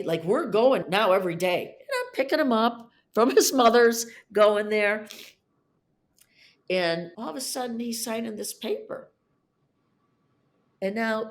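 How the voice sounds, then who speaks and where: Woman, fifties, podcast guest recounting her divorce, lively and emotional, pitch jumps up when upset. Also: gravelly. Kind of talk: emotional personal storytelling.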